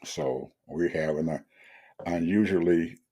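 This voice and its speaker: An older man with a drawl chats casually over a call. His voice sits very low, and he rambles and repeats himself with an easygoing chuckle. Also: unhurried, dark tone, breathy edge. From Georgia, USA. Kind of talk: casual chat.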